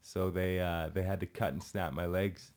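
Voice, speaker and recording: A man's voice: deep voice, level tone, moderate pace, darkish tone. A man talking casually as a podcast guest, rambling with restarts and swearing, a little tipsy. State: a bit tipsy. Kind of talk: casual chat.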